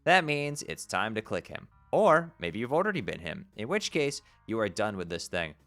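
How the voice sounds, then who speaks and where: A man streaming, reading a webcomic aloud to his chat, animated and quick to swear and rant. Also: fairly low pitch. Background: faint background music.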